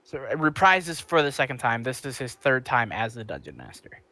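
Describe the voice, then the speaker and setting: Bright-voiced man rambling through a recap. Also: medium pitch, sing-song, moderate pace, no room sound. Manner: rambling recap with frequent ums and self-corrections. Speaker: podcast co-host. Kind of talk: casual chat.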